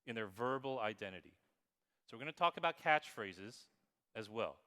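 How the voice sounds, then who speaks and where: A man in his thirties giving a lively, emphatic keynote talk at a conference, speaking straight to the audience. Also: mid-range voice, normal speed, big-room sound. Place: conference hall.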